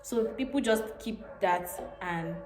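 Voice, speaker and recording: A young woman from Nigeria chats casually, laughing often as she talks. Her voice sits at a middle pitch. The room around her is echoey. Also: unhurried, noisy background. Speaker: vlogger host. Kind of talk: casual chat.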